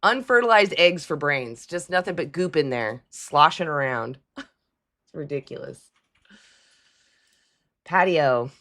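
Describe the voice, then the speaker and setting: A woman's voice: sits low, lively intonation, a little slow, pushed and bright. A woman hosting a live call-in stream, talking bluntly and mockingly to callers. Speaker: livestream host taking callers.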